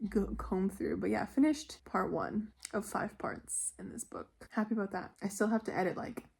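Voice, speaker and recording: A Canadian woman, an author and book vlogger, talking in a chatty, animated way and swearing casually. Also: mid-range voice, normal speed, vocal fry, husky. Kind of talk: casual vlog talk.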